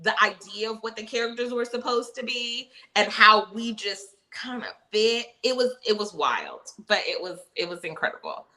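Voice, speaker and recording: A woman's voice: a little high, lively intonation, moderate pace, hardly any pauses, pushed and bright, poor audio. A woman guest on a podcast, chatting casually and self-deprecatingly, acting out what people say to her. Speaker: podcast guest, chef and former actress. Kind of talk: casual conversation.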